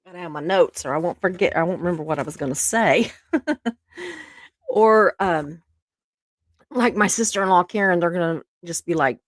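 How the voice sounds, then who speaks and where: A woman with a Georgia drawl hosts a livestream and talks to her chat. Her voice sits low for a woman. She rambles in a casual, friendly way on a close, dry mic. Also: normal speed, pauses often, no room sound. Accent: Southern US, Georgia. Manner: rambling and chatty, says "y'all" often. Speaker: livestream host. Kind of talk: casual chat to a live audience.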